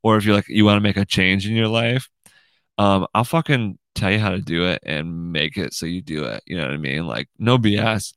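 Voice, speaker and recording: Talking a little fast, a young podcast host with a low, fairly bright voice wanders through a casual monologue from a room in his house. He swears plenty and keeps adding "dude" and "right?" to his sentences; there's no echo.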